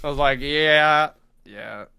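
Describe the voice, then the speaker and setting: A man's voice: fairly high pitch, slow pace, gravelly, bright, forceful tone, smooth, no echo, clean studio sound. A man co-hosting a podcast, telling crude stories in casual chat, acting out quotes and laughing often. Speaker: podcast co-host. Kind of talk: casual chat, swearing storytelling.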